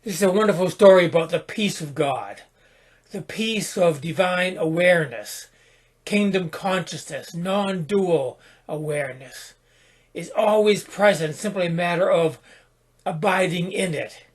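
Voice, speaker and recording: Slow, high-voiced man giving a calm sermon. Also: slightly rough. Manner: calm, unhurried, contemplative, with small restarts. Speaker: podcast host and spiritual teacher. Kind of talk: reflective spoken sermon.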